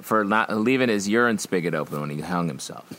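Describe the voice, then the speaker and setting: A man co-hosting a casual podcast, cracking absurd jokes in a deadpan way. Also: low voice, fairly quick. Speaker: podcast co-host. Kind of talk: casual chat.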